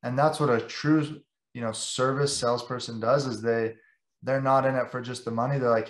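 A man's voice: medium pitch, fairly even intonation, moderate pace, roomy sound. A young man, a sales director, talks passionately and at length in a casual podcast interview, filling his sentences with "like". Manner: passionate, rambling with many "like"s.

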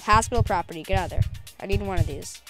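A woman's voice: mid-range voice, quick pace, over music. A woman doing goofy, rambling let's play commentary, joking with her patient as she goes. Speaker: gameplay commentator.

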